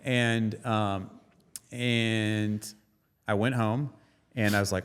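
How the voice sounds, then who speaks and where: A man in his thirties with a low voice recounts his past in a candid, self-mocking way, sinking to a quiet mutter at the grim parts. His voice carries a long reverb tail. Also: fairly even intonation, slow, clear, resonant tone. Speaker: podcast guest, stand-up comedian. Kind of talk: casual storytelling interview.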